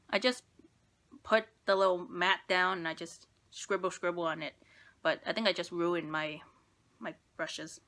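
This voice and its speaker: A woman's voice: on the low side, sharp tone. A young woman rambling through a makeup tutorial, self-deprecating and talking to herself as she works. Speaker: beauty vlogger.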